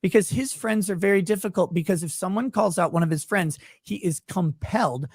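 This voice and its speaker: A man's voice: sits high, a little fast, husky, no room sound. A man ranting heatedly on a livestream, exasperated and swearing constantly as he defends himself. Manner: angry, exasperated, swearing heavily.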